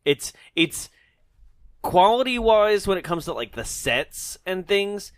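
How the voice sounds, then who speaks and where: A man's voice: sits high, takes it slowly, no room sound, clean studio sound. A man co-hosting a movie podcast in casual chat, laughing often and acting out scenes in quoted voices. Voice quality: animated, laughs often, acts out characters in quotes. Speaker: podcast co-host.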